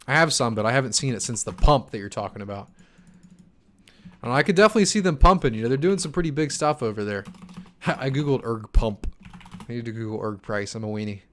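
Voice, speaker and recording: A man's voice: medium pitch, fast talker, fairly bright tone, slight background noise. Young guy running a livestream q&a, kinda tired, rambly, lots of ums and restarts. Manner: loose and chatty, many fillers and restarts. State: tired from poor sleep. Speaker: crypto channel host answering chat. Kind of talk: casual live-stream Q&A.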